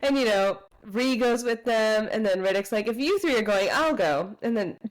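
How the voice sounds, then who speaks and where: A woman's voice: a little high, lively intonation, moderate pace, poor audio. A young woman co-hosting a book podcast, retelling scenes casually and quoting characters with frequent "you know"s. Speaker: podcast co-host.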